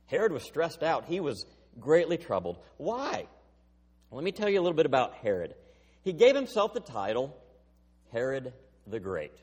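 A middle-aged man preaches in a church, his husky voice carrying a long reverb through the sanctuary. His pitch swings widely as he tells a story with animation. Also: a little mellow. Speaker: pastor. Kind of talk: sermon.

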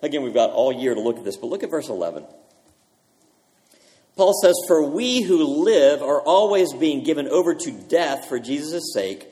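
A pastor in the middle of a sermon, his voice an average male pitch. He moves between loud, emphatic declarations and quiet, hushed phrase endings. His words ring out with the long reverb of a large church sanctuary.

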